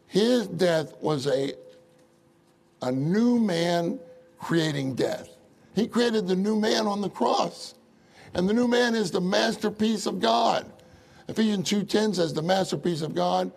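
Gravelly preacher man, lively sermon. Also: high voice. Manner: animated, asks the audience rhetorical questions; chuckles often while telling anecdotes.

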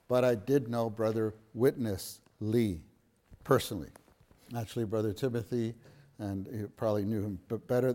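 A man's voice: medium pitch, darkish tone. A middle-aged man teaching a church lesson to a gathering, earnest and repeating phrases for emphasis.

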